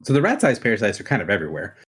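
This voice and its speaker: A man narrating and explaining options as game master of a tabletop game, in a relaxed, rambling way. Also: lowish voice, racing, breathy edge.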